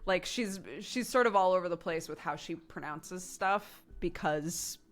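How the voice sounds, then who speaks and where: A woman's voice: on the low side, a little slow, soft background music. An American woman in her thirties chatting casually with her stream chat, with lots of laughter and fillers like "um" and "like.". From United States.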